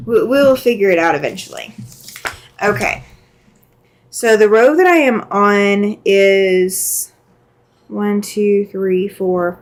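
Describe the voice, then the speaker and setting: In her sewing room, a middle-aged woman who hosts a quilting channel lays out quilt blocks during a live stream. She chats casually in a mid-range voice, reading viewer comments aloud and thinking out loud as she works, on a low-quality recording.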